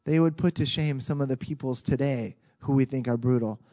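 Mellow-voiced pastor preaching. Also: male voice, medium pitch, brisk. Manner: conversational, animated, with frequent restarts. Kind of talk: sermon.

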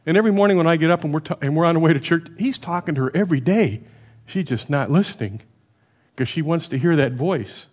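A middle-aged man delivers a sermon in a loose, conversational manner. He keeps checking in with his listeners and swings between loud emphatic stretches and quiet, low asides. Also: lively intonation, quick pace. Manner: varies loudness a lot, rising for emphasis and dropping low. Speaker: preacher.

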